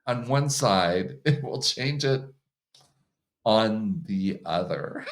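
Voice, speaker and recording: Slow-talking man coaching on relationships. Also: lowish voice. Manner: relaxed, laughs often, acts out quoted partners. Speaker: hypnotherapist and coach. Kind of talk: casual conversational interview.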